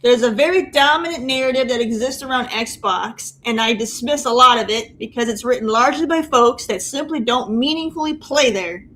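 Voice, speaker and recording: High-voiced giggly woman from Wisconsin. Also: normal speed, few pauses, pushed and bright. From Wisconsin, United States. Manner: giggly, self-conscious. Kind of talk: reading a script on a gaming podcast.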